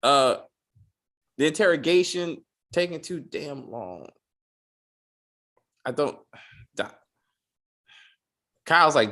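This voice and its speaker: A man co-hosting a casual TV review podcast, swearing freely and acting out characters' lines in quick exasperated bits. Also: on the high side, lively intonation, fairly bright tone. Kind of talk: casual spoiler review chat.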